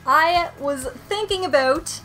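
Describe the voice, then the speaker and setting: A woman's voice: high-pitched, takes it slowly, pushed and bright, faint music behind. A woman co-hosting a collectibles vlog in easy, giggly banter. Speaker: collectibles channel co-host. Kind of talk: casual collector vlog chat.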